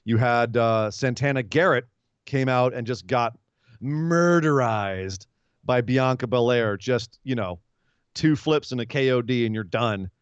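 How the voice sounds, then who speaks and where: A man's voice: medium pitch, clean tone, no echo. Chatty man recapping wrestling, lo-fi. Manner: rambling, retells comedy segments with quick voiced asides. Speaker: podcast co-host. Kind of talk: casual wrestling recap chat. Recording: dull lo-fi podcast audio, dry.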